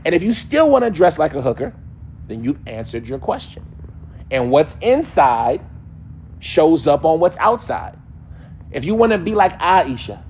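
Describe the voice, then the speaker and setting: Lively man giving a casual religious lesson. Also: fairly high pitch, a little hiss or hum. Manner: casual, animated, mimics accents and voices. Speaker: Islamic teacher.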